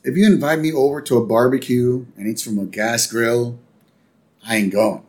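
A man co-hosting a podcast, chatting casually and acting out cartoon lines in quick voices. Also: mid-range voice. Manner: animated, acts out character lines in quick voices. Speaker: podcast co-host. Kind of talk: casual chat recapping a cartoon episode.

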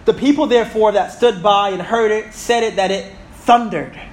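A man in his thirties preaching a sermon in church, reading scripture slowly and calling out to the congregation. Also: high voice. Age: 30s. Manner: animated, reads scripture slowly and calls out to the congregation.

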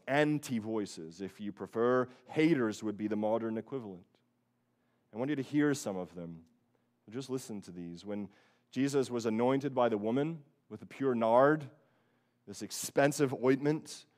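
A man, a pastor, preaching an earnest sermon, repeating key phrases for emphasis and swinging from quiet, low passages to loud, high bursts. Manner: earnest preaching that rises loud and high on quoted voices, then drops low.

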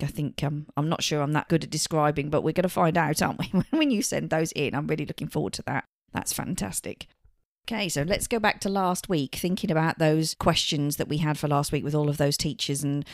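A woman with a low voice talks to young listeners like a patient, encouraging teacher. She walks them through instructions step by step, repeating and rephrasing as she goes. Her pitch swings up and down a lot, and the recording is close and dry. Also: no room sound. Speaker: host of a children's school radio podcast. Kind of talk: giving step-by-step instructions to children.

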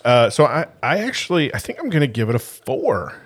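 A man's voice: medium pitch, wildly swooping pitch, brisk, breathy edge. A man co-hosting a podcast, chatting casually, joking and laughing easily. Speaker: podcast co-host. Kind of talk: casual chat.

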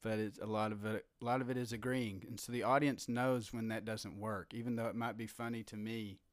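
A man's voice: lowish voice, steady tone, fairly quick, no room sound, clean studio sound. A man with an Appalachian accent, a comedian guest chatting in a friendly, easygoing way and laughing easily. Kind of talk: casual chat. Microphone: studio microphone with headphones.

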